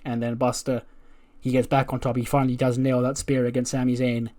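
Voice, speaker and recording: A man's voice: mid-range voice, fairly quick. A man hosts a let's play, calling simulated wrestling matches blow by blow. His voice sits mid-range, and he drops in offhand asides between the action. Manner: lively play-by-play, with asides and swearing. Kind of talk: narrating a simulated wrestling show.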